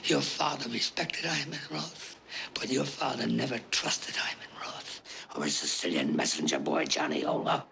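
An actor playing an older, drunk and belligerent mob boss who rants and blusters. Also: male voice, medium pitch, normal speed, creaky, pushed and bright, whispered. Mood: ranting. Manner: blustering, ranting. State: a little drunk. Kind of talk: film drama acting.

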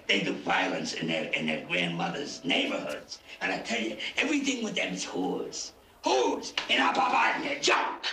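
A gravelly, drunken old mob boss. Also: male voice, sits high, pushed and bright, a little hiss or hum, exaggerated voice. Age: older. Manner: blustering, ranting. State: a little drunk. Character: older drunk mob boss, belligerent and aggrieved. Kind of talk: film drama acting.

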